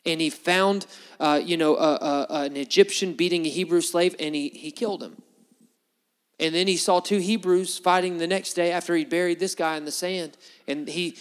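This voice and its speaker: A man's voice: fairly even intonation, normal speed, smooth, long reverb tail. A man preaching a sermon, retelling Bible stories and acting out the dialogue in changing voices. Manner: storytelling, acts out biblical dialogue with shifting pitch.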